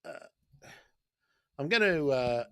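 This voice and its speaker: A man's voice: mid-range voice, animated, takes it slowly, background noise. A man with an Australian accent hosting a casual livestream, talking bluntly, swearing and reading viewer comments aloud. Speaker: livestream host.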